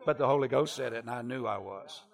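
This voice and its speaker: A middle-aged man, a traveling preacher, telling a story in a sermon and swinging from hushed tones to shouting. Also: medium pitch, quick pace, creaky.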